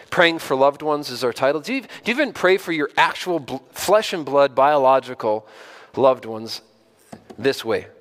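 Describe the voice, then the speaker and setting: This man's voice is medium-pitched and a bit bright. Preaching as a pastor, he keeps the sermon conversational, repeating words, questioning the congregation directly, and then rising to strong emphasis.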